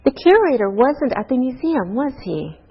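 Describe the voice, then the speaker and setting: A woman teaching an English grammar lesson to a class, speaking slowly and deliberately through example sentences. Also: high-pitched, very animated, slightly rough, faint music behind. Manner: slow, deliberate teacher talk with rising and falling example tags. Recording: dull lo-fi course recording.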